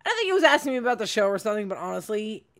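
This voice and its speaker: A woman's voice: medium pitch, very animated, rapid-fire, fairly bright tone. A woman stand-up comedian telling a story as a podcast guest, in a blunt, profane way. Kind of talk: casual storytelling.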